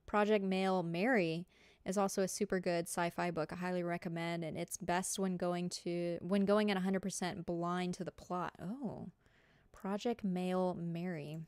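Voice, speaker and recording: A woman's voice: on the low side, steady tone, measured pace, a little mellow, smooth, dry recording. A woman with a Southern US accent, a streamer chatting casually with her live viewers, giggly and full of fillers.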